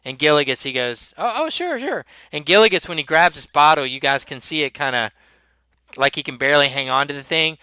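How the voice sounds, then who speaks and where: A man running a tabletop game as game master, narrating in a halting way with lots of restarts. His voice is slightly high, bright and smooth. It is recorded close and dry. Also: steady tone, no echo. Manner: halting, many restarts, chuckling.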